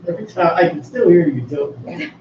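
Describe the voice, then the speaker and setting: Man, radio host, loose jokey delivery, fairly high voice, dull lo-fi sound. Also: lively intonation, a little fast, a little mellow. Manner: rambling and jokey, restarts often. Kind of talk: casual radio chat. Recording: echoey, distant, dull, noisy room.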